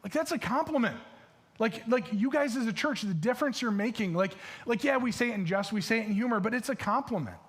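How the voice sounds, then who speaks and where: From a church stage, a male pastor with a Michigan accent preaches a sermon in a chatty, casual style packed with fillers and restarts. His voice is very high, his intonation lively, and he speaks fast.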